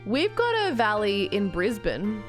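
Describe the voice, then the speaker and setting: An Australian woman chatting through a live game stream in a bubbly, joking manner. Her voice sits mid-pitched, and her talk jumps quickly from one thought to the next. Game music plays clearly underneath. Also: huge pitch swings.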